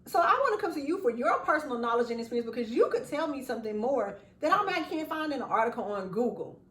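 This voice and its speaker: Woman host, lively chatty delivery, high-ish voice, recorded far off in an echoey room. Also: fast. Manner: animated, laughing, acts out quotes. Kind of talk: casual chat.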